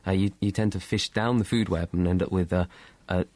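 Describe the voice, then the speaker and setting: A man's voice: low voice, fairly even intonation, a little fast, darkish tone, no echo. A male marine scientist answering interview questions in a studio, talking in a hesitant way with many restarts. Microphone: studio microphone.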